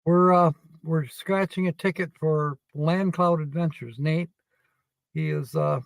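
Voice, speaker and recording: A man hosting a livestream, chatting casually with viewers as he scratches tickets and reads out letters at a slow, rambling pace. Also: a little high, steady tone, creaky, no echo, poor audio. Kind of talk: casual live-stream chat.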